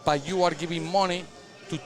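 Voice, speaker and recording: A man's voice: on the high side, a little fast, soft background music. A man from Spain with a Spanish accent, a cigar maker guest chatting casually in broken English at a cigar shop event. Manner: animated, broken English, joking. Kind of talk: casual chat.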